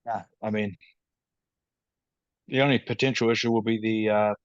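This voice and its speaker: A man with a New Zealand accent answers questions on a podcast in a low, even, matter-of-fact voice. His audio comes through a video call, dry and a little dull. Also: smooth, no room sound. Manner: measured, matter-of-fact, calls himself rational. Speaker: podcast guest. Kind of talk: casual podcast interview.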